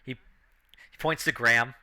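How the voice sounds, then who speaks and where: A man's voice: mid-range voice, steady tone, measured pace, pushed and bright. A man narrating a tabletop role-playing game as game master, laid back and full of fillers and chuckles.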